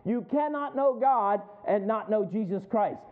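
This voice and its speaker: A man's voice: sits high, measured pace. A male pastor preaching a sermon, rising in emphasis and calling out to the congregation for responses. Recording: tinny phone-like sound.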